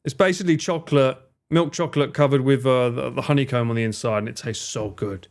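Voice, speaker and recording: A man's voice: mid-range voice, fairly even intonation, quick pace. Incredulous swearing streamer, a man. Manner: swears a lot, laughs, incredulous. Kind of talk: live reaction stream.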